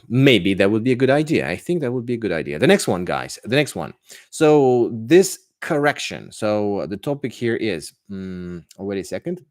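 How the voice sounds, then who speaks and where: Low-voiced, hesitant man. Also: no room sound, clean studio sound. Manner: hesitant, full of pauses and restarts, addresses listeners as guys. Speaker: English teacher. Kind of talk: casual livestream podcast talk.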